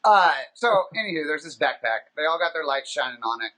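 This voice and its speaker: A man hosting a podcast, telling a long, profane anecdote in a casual, animated, rambling way. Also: a little high, a little fast. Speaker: podcast host. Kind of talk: casual storytelling.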